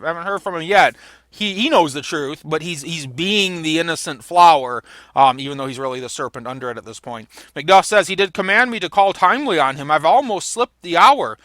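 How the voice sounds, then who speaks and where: Male lecturer with a bright, slightly high voice; reads play passages with emphasis, then explains them. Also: dry recording. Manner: reads quoted lines with rising emphasis, frequent restarts. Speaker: literature lecturer.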